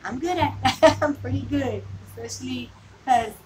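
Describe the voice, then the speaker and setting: A woman's voice: sits high, normal speed, darkish tone. A woman chatting casually with viewers on a vlog, rambling, laughing often and filling her talk with "like" and "you know". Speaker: vlogger. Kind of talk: casual live chat with viewers. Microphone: phone. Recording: distant mic with noticeable background noise.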